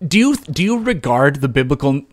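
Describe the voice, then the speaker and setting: A man's voice: on the high side, very animated, a little fast, no echo. Sarcastic man on a dry mic. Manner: mocking, sarcastic, laughs at the other. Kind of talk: heated argument.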